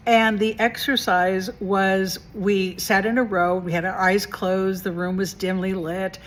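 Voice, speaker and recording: A woman at a mid-range pitch speaks to camera as a life coach in a casual, spiritual self-help vlog. She is chatty and keeps putting rhetorical questions to the viewer. She repeats her key phrases for emphasis. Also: little pitch movement, a little slow. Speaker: mentor and coach.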